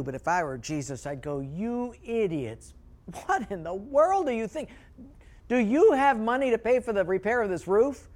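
A man preaching a sermon as pastor, telling stories with animation and dropping to quiet emphasis. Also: sits high.

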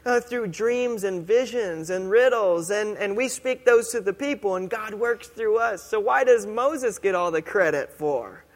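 A jealous sister complains in a raised, indignant voice, as a preacher acts her out. Her lines are high-pitched and ring in a long reverb. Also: measured pace, hardly any pauses.

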